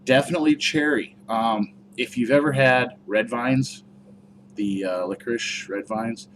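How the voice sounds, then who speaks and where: A man's voice: medium pitch, unhurried, background noise. A man giving a casual, rambling review vlog, chatty and full of fillers. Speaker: product reviewer.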